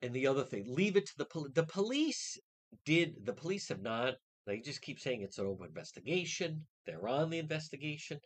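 A man hosting a radio talk show, ranting indignantly and mocking others' words in quick put-on quotes. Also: a little high, big pitch swings, husky.

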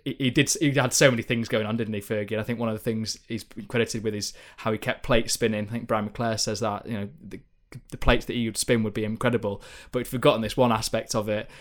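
A man's voice: on the low side, fairly even intonation, fast. A man, a football journalist, telling an anecdote in casual podcast chat, rambling with fillers and restarts.

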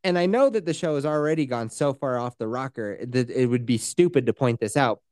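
This is a podcast co-host in loose, swearing, animated chat, recapping scenes and breaking into quick voices for the characters. The voice sits at an ordinary middle pitch, recorded dry and close with no room sound. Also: no echo. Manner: profane, animated retelling with quoted voices.

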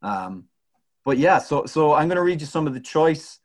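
A man's voice: on the high side, big pitch swings, normal speed. A man co-hosting a casual sports podcast, bantering in a wry, joking way. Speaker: podcast co-host.

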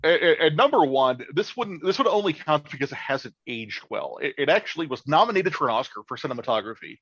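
A man co-hosting a podcast in casual chat, halting and crude in a blunt way. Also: a little high, animated, fairly bright tone, breathy edge, no room sound, highs cut off. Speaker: podcast co-host.

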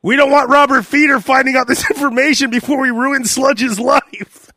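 A man with a very high, bright voice hosts a casual podcast and keeps breaking into laughs. He acts out the lines of the people in his story. The sound is close and dry, with no room echo. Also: steady tone, moderate pace. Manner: laughs often, acts out quotes. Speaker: podcast host. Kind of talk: casual chat.

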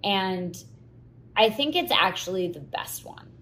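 Hosting her own podcast, a woman talks solo in a casual, chatty way, full of "like" and restarts, getting teary and laughing at herself as she tells it. Her mid-range voice is fairly bright, with lively intonation and an unhurried pace. There's slight background noise.

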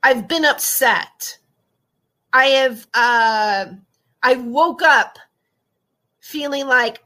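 A young woman streams with audio only, venting to her chat in a slow, unhurried delivery. Her voice is high and bright, and she sounds close to tears. She restarts her sentences and repeats herself as she goes. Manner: upset, rambling, repeats herself, greets chat viewers. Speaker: YouTube livestreamer. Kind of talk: emotional livestream rant to chat. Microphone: audio-only stream, no face shown.

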